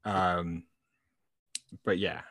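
Low-voiced male podcast host. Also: level tone, drawn-out words, a bit bright, no room sound. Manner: conversational, full of fillers and restarts. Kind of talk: casual chat.

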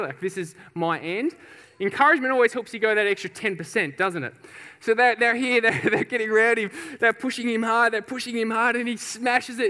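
A man preaching a sermon, telling a personal story with laughs and acted-out shouts. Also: high voice. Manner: lively storyteller, laughs often, acts out shouts. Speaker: pastor. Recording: reverberant hall.

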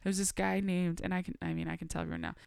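A young adult woman sits as a podcast guest and tells a personal story in casual conversation. Her voice sits a little low for a woman, smooth and edged with gravelly fry. She laughs often and acts out the lines she quotes, recorded close and dry. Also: little pitch movement, rapid-fire, a little mellow, no room sound.

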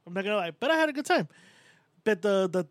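A man's voice: sits high, sing-song, quick pace, no echo, studio quality. A man in his thirties co-hosting a podcast, telling crude stories with lots of swearing and quoted voices. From Puerto Rico. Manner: profane storytelling, mimics people in quotes. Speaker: podcast co-host. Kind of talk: casual chat.

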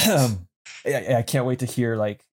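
A man's voice: mid-range voice, a little slow, darkish tone. A man in his thirties on a casual movie podcast, thoughtful and hesitant with many ums and restarts. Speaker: podcast co-host.

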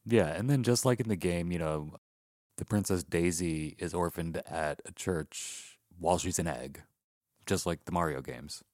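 Low-voiced male podcast co-host, sarcastic plot recapper, dry close sound. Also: moderate pace, a little mellow, no echo. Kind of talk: casual comedic movie review chat.

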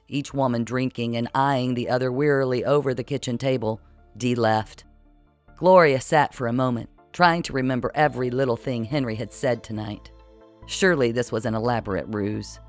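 A man narrating an audiobook in a steady storytelling manner. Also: medium pitch, dry recording.

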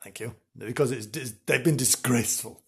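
A man's voice: medium pitch, normal speed, creaky, fairly bright tone, husky. A man hosting a comedy podcast, teasing his way through a dry sign-off. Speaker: podcast host. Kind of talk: comic sign-off.

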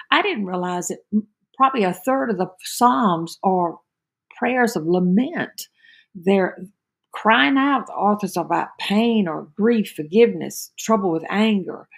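A woman's voice: mid-range voice, slightly rough. A woman giving an earnest devotional talk, often repeating words as she starts a phrase. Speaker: devotional speaker.

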